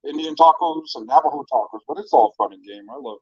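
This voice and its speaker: A man's voice: a little high, fast talker, a little mellow, husky, no echo, highs cut off. A man in casual storytelling mode, rambling with lots of fillers and frequent swearing, talking about his own run-ins. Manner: laid-back, profane, rambling with many fillers. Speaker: restaurant owner and vlogger.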